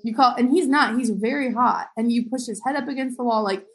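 High-voiced woman improvising comedy. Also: fairly quick. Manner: animated, does silly voices and sings loudly. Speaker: comedy podcast co-host.

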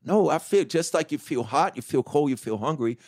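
A middle-aged man, a rapper as interview guest, telling his story candidly with profanity, restarts and acted-out quotes of other people. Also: fairly high pitch. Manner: animated, profane, acts out quoted dialogue; halting restarts and self-corrections.

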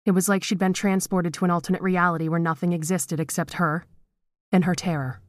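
A woman narrating a horror story in a measured, dramatic reading. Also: on the low side, flat delivery, no room sound.

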